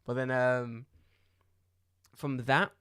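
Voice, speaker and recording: A man, a podcast co-host telling a story in casual chat, animated and profane, acting out the dialogue loudly. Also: mid-range voice, drawn-out words, clear, resonant tone, dry recording, studio quality.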